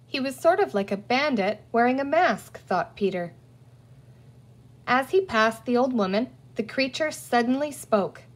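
A woman reading a children's storybook aloud in a clear, deliberate manner. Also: on the high side, animated. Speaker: audiobook reader. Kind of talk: storybook narration read aloud.

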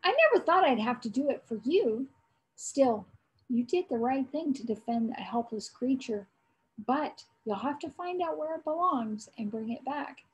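A woman voicing a bustling, caring farm mother who gently scolds and fusses. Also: high-pitched, lively intonation, normal speed, rough recording. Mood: gentle.

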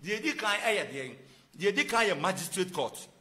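A man from Ghana giving a spoken lesson to viewers, emphatic and rhetorical, swinging between loud stressed points and hushed asides. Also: high-pitched, sing-song, fairly quick. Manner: rhetorical, asks and answers his own questions. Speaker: church presenter teaching about prisons.

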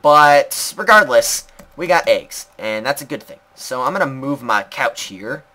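A man giving let's play commentary, rambling to himself and the game with sudden loud outbursts. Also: medium pitch, animated, measured pace. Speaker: gaming video creator.

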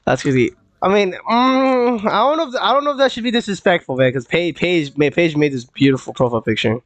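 A man's voice: high voice, sing-song, fairly quick, no room sound. A young man streaming a game live, chatting loosely with many fillers, restarts and repeated words. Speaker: gaming streamer. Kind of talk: casual live-stream chat while gaming.

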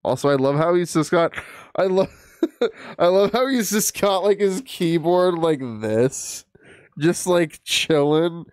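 A man's voice: high voice, expressive, takes it slowly, smooth, no room sound, studio quality. A man streaming live, reacting to a video with laughs, profanity and mocking asides. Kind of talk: casual live-stream commentary.

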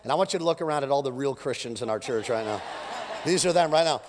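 A man preaching an energetic, joking sermon to a congregation, his voice worn thin from preaching many services, swinging between loud jabs and quiet asides. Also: medium pitch, fast, a little hiss or hum. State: losing his voice. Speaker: pastor. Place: church auditorium with live congregation. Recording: long hall reverb.

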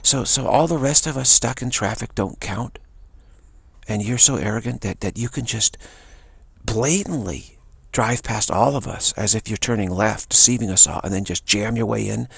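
A man's voice: lowish voice, normal speed, creaky, husky. A man telling a rambling, indignant story in a casual talk. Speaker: spiritual channel host. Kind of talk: casual spoken anecdote.

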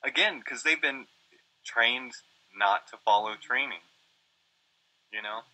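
A man's voice: mid-range voice, slow, bright, forceful tone, poor audio. A man chatting casually as a guest, easygoing and agreeable, adding reflective comments. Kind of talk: casual chat.

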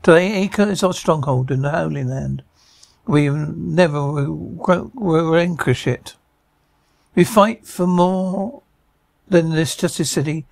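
A man reading the part of a grim knight commander rallying his men, with a stumbling, halting delivery. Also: fairly high pitch, gravelly, a little mellow, dry recording.

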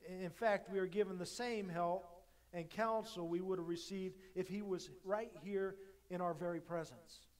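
Pastor preaching with dramatic swings in volume. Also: male voice, high-pitched, steady tone, moderate pace. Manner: dynamic, swinging between loud emphatic lines and quiet intimate asides; repeats words as he restarts phrases. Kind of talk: sermon.

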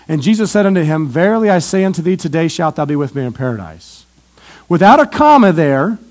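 Animated high-voiced male preacher. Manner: animated, questioning the audience. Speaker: pastor. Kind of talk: sermon. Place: church.

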